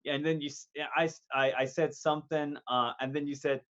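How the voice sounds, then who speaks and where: Higher-voiced man chatting, dull lo-fi sound. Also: level tone, fairly bright tone. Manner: halting, many fillers and restarts, laughs often. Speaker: podcast host. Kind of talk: casual reminiscing chat.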